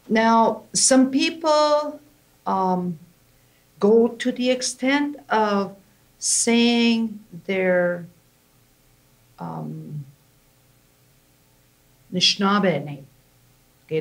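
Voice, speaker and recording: A woman language teacher, explaining slowly and patiently and often checking in with "okay?". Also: mid-range voice, low-quality recording. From Canada. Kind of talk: language lesson.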